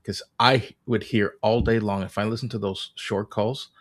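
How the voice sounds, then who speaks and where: A man's voice: on the low side, steady tone, normal speed. A man in a podcast conversation, speaking candidly and bluntly about his own experiences.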